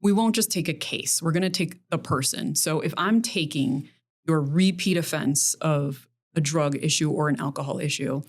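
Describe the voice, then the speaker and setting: A middle-aged woman with a low, grounded voice talks as a guest on a casual podcast. She is a criminal defense attorney and speaks earnestly, often stringing points into quick lists. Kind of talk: casual interview chat.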